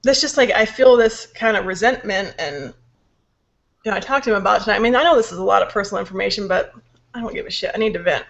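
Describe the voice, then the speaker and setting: On a dull lo-fi recording, a young podcast co-host with a sore throat vents quickly at medium pitch, her voice showing vocal fry. She's worn out and frustrated in casual conversation, swearing once anger kicks in.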